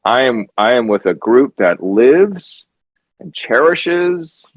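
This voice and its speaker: A man's voice: mid-range voice, sing-song, slow pace, no echo. A man speaking earnestly as a documentary filmmaker guest in a conversational interview, repeating words for emphasis. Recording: dull lo-fi dry sound.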